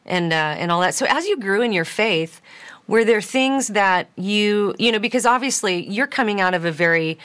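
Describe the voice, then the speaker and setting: A woman's voice: mid-range voice, lively intonation, normal speed, fairly bright tone, smooth. A woman hosting an interview, asking questions in an encouraging, attentive way. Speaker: podcast host.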